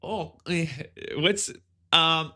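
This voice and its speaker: A man's voice: a little high, fairly even intonation, extremely slow, sharp tone. A man streaming a game, chatting casually and rambling with lots of restarts and laughs. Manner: rambling, full of fillers and restarts, laughing often.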